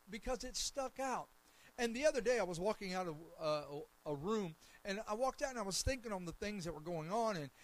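A man preaching a sermon as pastor, building to loud, emphatic declarations. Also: high voice, poor audio.

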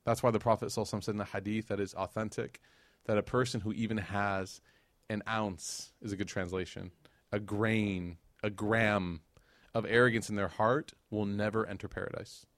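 A young adult man giving a religious lecture, telling a story with lively acted-out quotes and jokes to the audience. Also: fairly low pitch, a little fast, no room sound.

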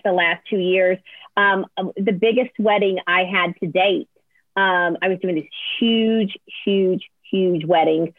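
A woman, a floral designer telling a story as a guest, lively and acting out quotes with sudden high squeals. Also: dry recording. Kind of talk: animated storytelling. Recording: tinny phone-like line, dry.

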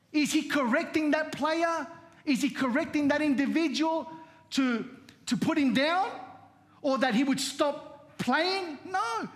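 A man preaching a sermon as pastor, telling stories in a repetitive, conversational way and often saying amen. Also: very high-pitched. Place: church.

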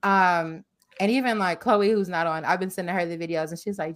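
A woman with a lowish voice shares candid personal stories in casual group chat. Her telling is animated and open, as a co-host talking with friends. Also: brisk.

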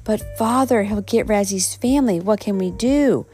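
Storybook beaver kid, earnest and kind, a woman reading it, raised pitch over a low-ish voice, faint music behind. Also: normal speed, darkish tone, lightly acted. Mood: pleading. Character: young male beaver, earnest and kind-hearted.

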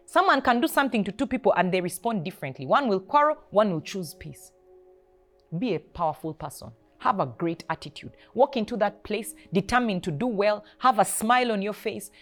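A woman's voice: medium pitch, animated, brisk, soft background music. A woman hosting a faith podcast, exhorting listeners with short, emphatic commands about attitude at work. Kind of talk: motivational faith talk.

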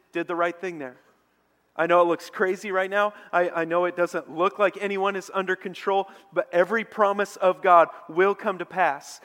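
A man preaching a sermon as a pastor, telling a story with animated energy. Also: high voice. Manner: animated storytelling preacher, mocking shouts in quoted lines. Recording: long hall reverb.

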